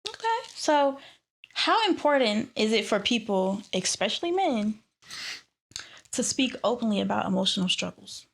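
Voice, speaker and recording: A woman's voice: fairly high pitch, very animated, normal speed, gravelly. A woman hosting an interview, asking short, curious questions and offering brief acknowledgements. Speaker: podcast host.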